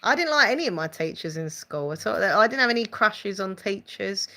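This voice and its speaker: A woman's voice: medium pitch, big pitch swings, a little fast, pushed and bright. A woman with an Essex accent, hosting a casual live stream, rambling and reading out viewer comments. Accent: Essex English. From England.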